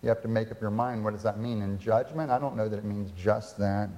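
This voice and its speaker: With a brisk pace and a steady, mellow, low-leaning voice, a man preaching as pastor dramatizes scripture and poses rhetorical questions to the congregation. Long hall reverb fills the church sanctuary recording.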